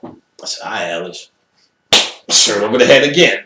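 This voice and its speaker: Being interviewed, a man with a fairly low voice tells a profane story at normal speed, full of energy and lively intonation. He acts out other people's voices and adds sound effects, and the recording has a roomy echo plus some background noise.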